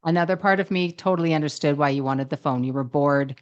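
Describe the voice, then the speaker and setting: Low-voiced woman therapist co-hosting. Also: fast talker, clear, resonant tone, dull audio. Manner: storytelling, animated quotes with many restarts. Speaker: relationship psychologist podcast co-host. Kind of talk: casual podcast conversation.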